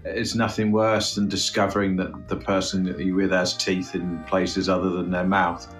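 A man from England co-hosting a comedy podcast, bantering casually with dry jokes that trail off low. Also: little pitch movement, moderate pace, soft background music.

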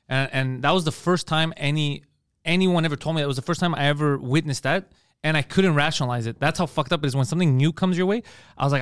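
A man's voice: a little high, quick pace, smooth, no room sound, studio quality. A man hosting a casual comedy podcast who rants bluntly and profanely and acts out other people's voices.

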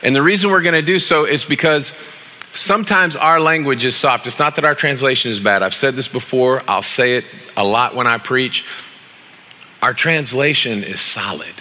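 A middle-aged man preaching a sermon as pastor in a church, telling stories with animated quoted voices and reading scripture aloud with rising emphasis. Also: medium pitch, normal speed. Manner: animated storytelling with acted quotes.

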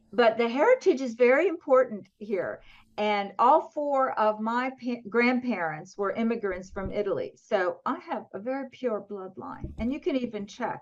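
A middle-aged woman from southwestern Pennsylvania, talking in a chatty, joking way and laughing often. Her voice sits fairly high. The video call audio is a little dull and lo-fi. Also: animated, moderate pace. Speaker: author and guest. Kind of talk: casual interview chat.

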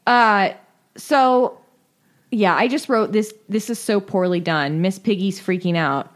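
A podcast co-host with a medium-pitched, unhurried voice casually recaps a cartoon, swearing and slipping into quoted voices.

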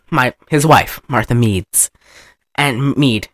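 A man casually retelling an old film, animated and profane, laughing often and acting out the characters' lines. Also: mid-range voice, measured pace. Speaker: movie recapper.

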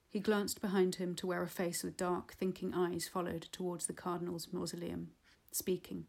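A woman reading a literary novel aloud in a measured, unhurried way. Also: on the low side, little pitch movement, vocal fry, a little mellow, slightly rough. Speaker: audiobook reader. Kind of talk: literary audiobook narration.

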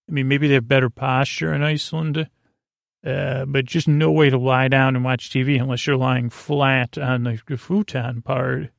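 A man hosting a podcast, recapping a TV episode in casual, halting talk full of fillers, reading quoted lines in the same flat way. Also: medium pitch, vocal fry, no room sound, studio quality. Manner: halting, many fillers, reads quotes flatly.

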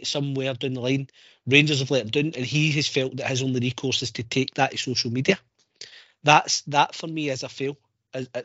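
A Scottish man co-hosting a football podcast, laying out his view in a measured, point-by-point way. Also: mid-range voice, a bit bright, no room sound. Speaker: podcast co-host. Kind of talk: casual football podcast chat. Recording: dry, slightly dull podcast audio.

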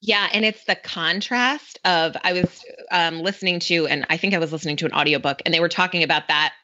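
A woman's voice: fairly low pitch, fairly quick, pushed and bright. A woman in her thirties, a podcast guest in casual conversation, chatty with many fillers and frequent laughs. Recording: dull lo-fi sound.

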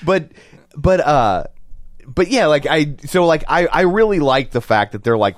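A wry, joking man in relaxed conversation. His voice moves up and down a lot, and he is recorded close and dry. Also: on the high side, a little slow, no room sound. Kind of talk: casual chat.

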